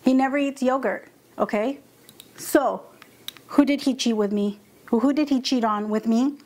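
In her home kitchen, a woman hosting a vlog chats casually to camera on a lapel mic, telling a story in a dramatic, mock-upset manner and acting out the other people's lines. Her voice is fairly high, at a normal speed, and a little mellow.

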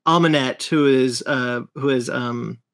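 A man's voice: mid-range voice, fairly even intonation, a little slow, fairly bright tone. A man co-hosting a podcast in casual chat, often stalling and restarting his sentences and asking questions. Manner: hesitant, restarts a lot, asks questions. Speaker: podcast co-host.

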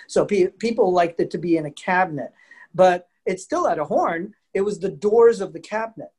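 A man presenting a virtual museum program over a video call, jokey and animated, laughing often and talking directly to the children watching. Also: sits high. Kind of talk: interactive virtual presentation for families.

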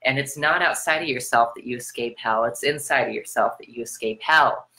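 An American woman with a strikingly low voice delivers a motivational self-love sermon. Her tone is bright and forceful. She stacks rhetorical questions, swears casually, and swings her pitch widely. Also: a little fast. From United States. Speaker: spiritual self-love coach.

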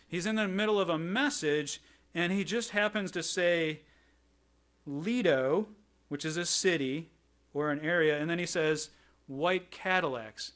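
A middle-aged pastor with a fairly bright, higher-pitched voice preaches a sermon. He tells stories and acts out the voices of the people in them.

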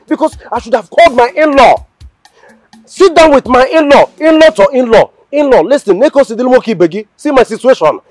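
A man's voice: very high-pitched, a little fast, no echo, soft background music. An actor with a Nigerian accent playing an impatient young man desperate to travel abroad, pleading and stammering. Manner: excitable, pleading, stammering repetitions. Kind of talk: film drama acting.

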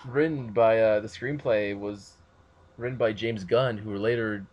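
A man's voice: lowish voice, fairly even intonation, normal speed, dull audio. A man hosting a podcast, rambling casually in a laid-back way. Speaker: podcast host. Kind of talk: casual chat.

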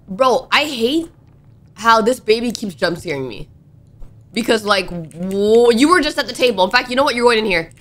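A young woman narrating a horror game as she plays, excitable and talking to the characters on screen. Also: on the high side, normal speed. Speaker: gaming YouTuber. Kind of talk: let's play commentary.

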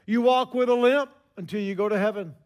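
A man in his sixties preaching a sermon, telling stories with emphatic pauses. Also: sits high.

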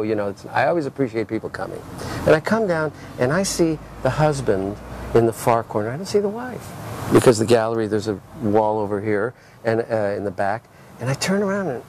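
An older man, a gallery owner, talking over lunch in a casual conversation, full of animated stories and frequent restarts. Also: mid-range voice, background noise.

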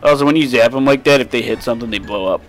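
Racing through his words in a mid-range voice, a young man casually comments on his gameplay as a let's play host. He's excitable, profane, and often laughing, recorded on a desk mic with faint music behind him.

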